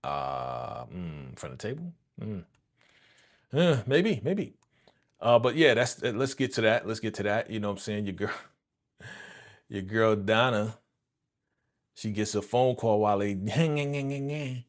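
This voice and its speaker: A man's voice: fairly low pitch, expressive, unhurried, long pauses. A man hosting a live reaction stream, chatting casually in slang and laughing often. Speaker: streamer host.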